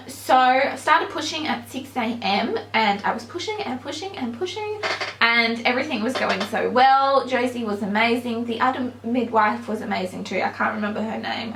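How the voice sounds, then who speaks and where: A woman's voice: fairly high pitch, lively intonation, moderate pace, vocal fry, fairly bright tone, slight background noise. A young woman vlogger telling a personal story to camera in a chatty way, with many ums and likes. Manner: chatty, many "um"s and "like"s, bursts of laughter. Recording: echoey room.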